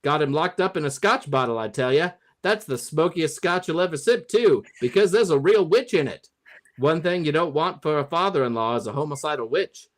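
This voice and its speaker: A man's voice: on the high side, lively intonation, brisk, close to an everyday voice. A man playing a smug, boastful 1940s governor in an old-timey mid-Atlantic announcer manner, as a comic monologue.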